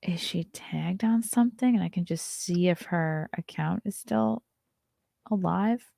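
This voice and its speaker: Her voice is on the low side and warm, with vocal fry and a measured pace, captured in clean studio sound without room noise. She hosts a casual morning livestream, reading headlines with sarcastic remarks and occasionally dropping to a whisper.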